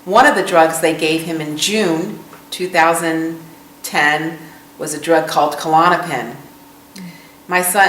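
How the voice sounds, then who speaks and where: A woman's voice: low-pitched, a bit bright, a little hiss or hum. Somber middle-aged woman, roomy and distant. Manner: somber, halting personal storytelling. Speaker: mother of a veteran, interviewee. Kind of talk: documentary interview testimony.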